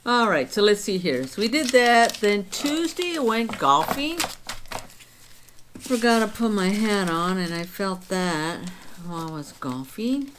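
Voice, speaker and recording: A woman's voice: medium pitch, sing-song, a little slow, a little hiss or hum. A woman in her sixties chatting casually on her vlog, counting her savings aloud and telling stories of her week. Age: 60s. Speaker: vlog host. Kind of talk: casual chat.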